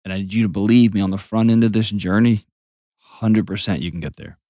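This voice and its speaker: A man's voice: lowish voice, fairly quick, warm tone, no echo, clean studio sound. A man hosting an advice call-in show, talking bluntly and painting vivid scenes as he coaches a caller. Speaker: host.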